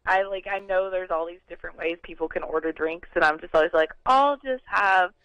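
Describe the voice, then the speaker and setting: A woman's voice: on the low side, fairly even intonation, fast talker, a bit bright, no room sound, poor audio. A woman, co-hosting a casual morning radio show with friendly, easygoing talk. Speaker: radio co-host. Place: radio studio.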